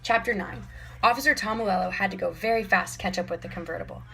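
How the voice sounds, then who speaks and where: A woman reads a children's chapter book aloud, clear and measured. Her voice has a gravelly, fry-tinged texture, and soft music sits behind her. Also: mid-range voice, rough recording. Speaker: audiobook narrator. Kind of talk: scripted narration.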